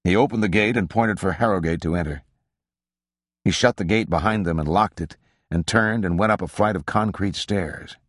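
Deep-voiced man reading a novel. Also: no room sound, studio quality. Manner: measured, even literary reading. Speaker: audiobook narrator. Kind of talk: scripted narration of a literary novel.

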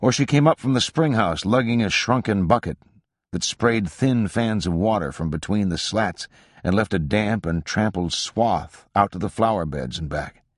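Audiobook narrator: man, very low voice, measured literary delivery, dry close sound. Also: no room sound. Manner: measured, even literary reading. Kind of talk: scripted narration of a literary novel.

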